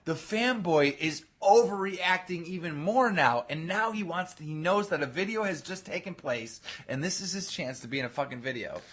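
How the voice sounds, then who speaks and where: A man hosting a podcast, telling a story in casual, profane chat, acting out other people's voices loudly. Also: fairly high pitch, expressive, normal speed, hardly any pauses. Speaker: podcast host.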